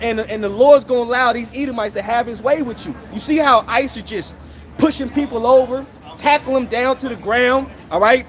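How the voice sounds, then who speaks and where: High-voiced man preaching on the street. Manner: peppers every phrase with "all right?" and "okay?"; scolding, accusing listeners directly. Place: outdoors on a city street.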